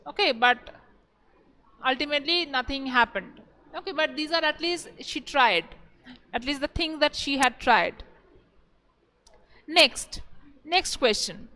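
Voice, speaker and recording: A woman teacher with an Indian English accent, slowly going over exam questions and repeating each one several times in an online class. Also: high-pitched, animated, bright, forceful tone, long reverb tail.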